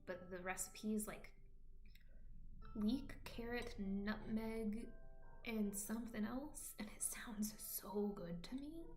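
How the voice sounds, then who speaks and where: Rambling soft-spoken woman streamer. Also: medium pitch, takes it slowly, echoey room, music in the background. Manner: rambling, often drops to a whisper. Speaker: vlogger. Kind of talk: casual chat while streaming.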